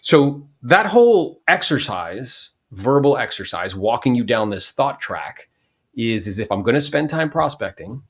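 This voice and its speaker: A man's voice: mid-range voice, very animated, unhurried. A man in his forties hosting a podcast, talking casually and animatedly about real estate, acting out the people he quotes.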